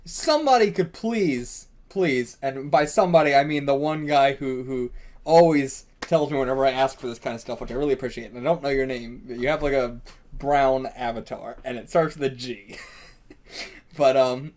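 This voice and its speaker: A man hosting a live manga reading reaction. He talks in an excitable, rambling way and swears a lot. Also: mid-range voice, moderate pace.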